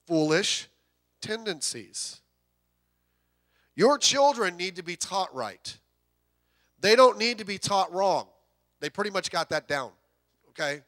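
Bright-voiced emphatic male preacher. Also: high voice. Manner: emphatic, rhetorical questions, drawn-out key words. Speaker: pastor. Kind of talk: sermon.

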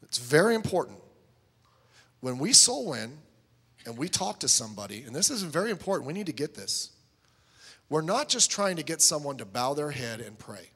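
A man's voice: a little high, big pitch swings, normal speed, a bit bright, breathy edge, long reverb tail. A middle-aged man preaching a sermon as a pastor, telling stories and acting out both sides of conversations.

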